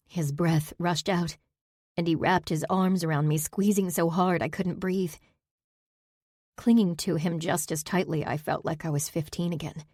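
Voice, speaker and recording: Low-voiced woman narrating a fantasy audiobook. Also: steady tone, a little slow, a little mellow, dry recording, clean studio sound. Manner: intimate, emotional storytelling.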